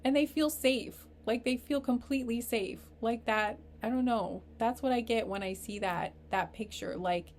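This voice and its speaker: A woman giving a casual tarot reading, rambling and halting, earnest and openly emotional. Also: fairly high pitch, a little hiss or hum. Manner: rambling, halting, full of fillers and restarts. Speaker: tarot reader. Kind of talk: casual spiritual reading to camera.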